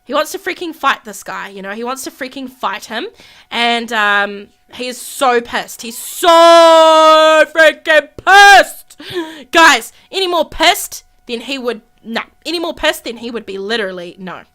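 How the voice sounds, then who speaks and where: This young woman's fairly high voice is animated, bright, and forceful, moving at a moderate pace. Hosting a gaming video, she delivers excited commentary on a life-sim game with dramatic gasps, lots of repetition, and performed character quarrels.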